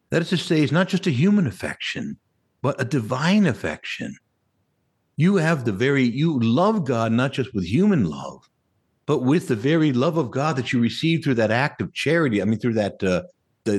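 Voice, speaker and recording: Husky, animated male priest preaching. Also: mid-range voice. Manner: animated, conversational preaching with rhetorical questions. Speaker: Catholic priest. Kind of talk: sermon.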